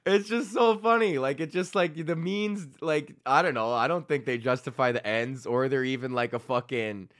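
A man's voice: mid-range voice, normal speed, few pauses, a bit bright. A young man hosting a podcast, ranting in a rambling, profane way and often laughing at himself. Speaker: podcast host. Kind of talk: casual ranting monologue.

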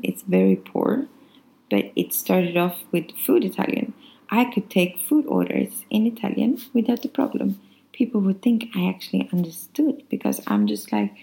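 A woman's voice: mid-range voice, creaky, dark tone, poor audio. A Swedish-accented woman hosting a podcast, telling rambling anecdotes in a casual, chatty way with frequent restarts. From Sweden. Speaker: podcast host. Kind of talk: casual monologue.

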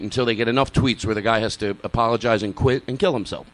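A man's voice: medium pitch, fairly even intonation, fast. A man hosting a casual comedy chat, joking and rambling in asides.

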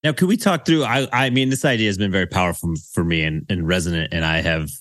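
A male podcast host with a somewhat low voice works through thoughtful, hesitant questions in casual chat. The sound is dry and close. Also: quick pace, a bit bright, no room sound.

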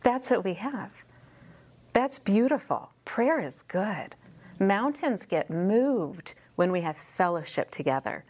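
A woman teaching a women's Bible study live in a room, wearing a mic, animated and emphatic, repeating key phrases and acting out dialogue. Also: mid-range voice, slow. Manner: animated, acts out dialogue in quoted voices. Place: room in a church building. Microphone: wearing a personal mic.

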